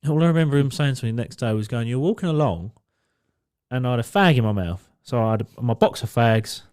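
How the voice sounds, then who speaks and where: A man's voice: medium pitch, fairly quick, clean tone. Man telling a rowdy story. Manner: swearing, animated anecdote-telling with quoted voices. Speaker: podcast co-host. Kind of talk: casual chat, storytelling.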